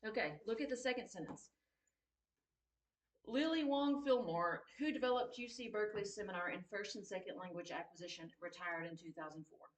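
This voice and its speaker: Here a woman of medium pitch talks a little fast as she runs a grammar lesson for her writing students, repeating the important points with patience and checking they've understood. It's recorded from afar in an echoey room.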